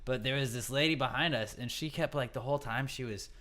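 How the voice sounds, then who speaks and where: Brisk, bright-voiced young man telling a story. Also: mid-range voice. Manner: animated storytelling, acts out quoted people. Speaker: podcast co-host. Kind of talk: casual chat.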